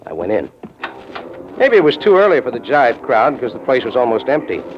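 An actor with a medium-pitched, lightly acted voice is the narrator and lead of a 1940s radio drama, playing a hard-boiled American man who tells his own case with dry wisecracks. Music plays under this dull old radio recording.

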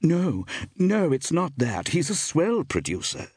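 A man reading aloud, voicing a glamorous, gushing actress with affected, drawn-out endearments. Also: medium pitch, very animated, a little mellow, slightly rough, no room sound, clean studio sound, pitched above the performer's own voice.

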